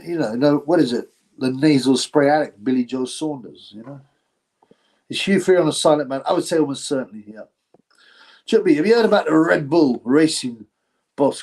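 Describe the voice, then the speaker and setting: A man's voice: on the high side, darkish tone, slightly rough, low-quality recording. A man hosting a casual boxing live stream, reading viewer comments and rambling through crude banter with fillers and chuckles. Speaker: boxing podcast host reading chat.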